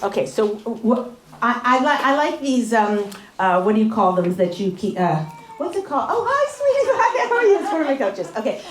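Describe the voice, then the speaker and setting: A woman leads a live workshop in an echoey room. She talks in a chatty, animated way, laughs a lot and acts out small quarrels. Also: a little high, normal speed, noisy background. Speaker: relationship workshop speaker. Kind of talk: live workshop talk to an audience.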